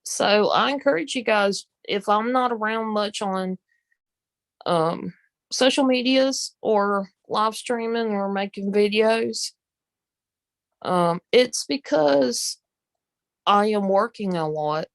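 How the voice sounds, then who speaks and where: A woman with a Southern US accent, chatting casually on a live stream, rambling with many pauses and ums while greeting viewers. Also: mid-range voice, no room sound. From Southern United States. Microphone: phone.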